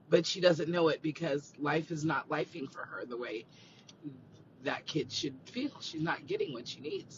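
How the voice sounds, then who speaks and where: A man who works at a school hosts a livestream from his car, chatting casually and telling stories while animatedly acting out the dialogue of the people in them. His voice sits a little high. The phone audio is slightly muffled with faint background noise.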